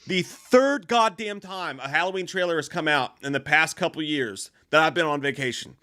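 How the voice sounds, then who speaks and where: A man's voice: a little high, moderate pace, dry recording. A young man in casual podcast chat with a co-host, swearing often and laughing as he talks. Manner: profane, laughing often, animated.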